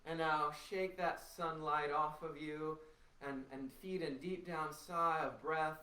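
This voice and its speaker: A man leading a guided voice warmup as a voice teacher, giving slow, soothing instructions with long pauses, recorded in a room at home. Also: fairly high pitch, fairly even intonation, a little hiss or hum. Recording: roomy sound from a distance.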